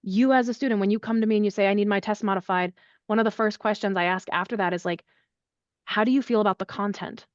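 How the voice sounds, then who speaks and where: A woman answering in a podcast interview, talking in an animated, chatty way with lots of fillers. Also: mid-range voice, quick pace, no echo, highs cut off. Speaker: accessibility services head, podcast guest.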